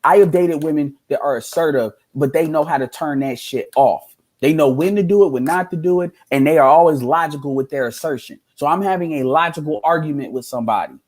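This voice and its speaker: A man's voice: on the high side, brisk, few pauses, a little mellow. A man giving casual reaction commentary as a streamer, ranting in a heated, profane way.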